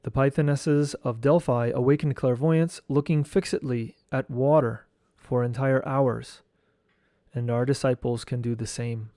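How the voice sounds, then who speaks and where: Slow, measured man reading a lecture. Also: medium pitch, fairly even intonation, mellow, dry recording, clean studio sound. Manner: slow, measured reading with chanted mantra syllables. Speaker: teacher of esoteric studies. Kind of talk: reading a lecture text aloud.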